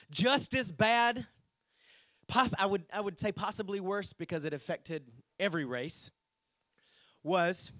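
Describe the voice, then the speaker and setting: Male pastor preaching to his congregation, expressive high voice, dry close mic. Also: no echo. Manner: animated preaching, reads scripture aloud and addresses congregation. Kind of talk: sermon. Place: church sanctuary.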